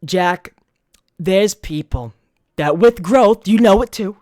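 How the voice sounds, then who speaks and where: A man with a fairly high voice hosts a podcast, chatting casually. His pitch leaps all over the place as he tells the story. The storytelling is animated and full of swearing. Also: slow. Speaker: podcast host.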